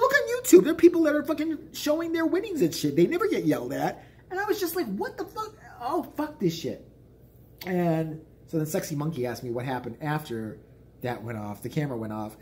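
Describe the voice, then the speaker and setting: A man's voice: on the high side, darkish tone. A man in his forties telling a story as a vlogger, in a profane, exasperated, ranting way. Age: 40s.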